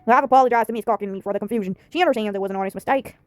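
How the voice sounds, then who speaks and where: Young small-town deputy, earnest and charming, fast-talking, voiced by a woman. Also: on the high side, darkish tone, no echo, lightly acted.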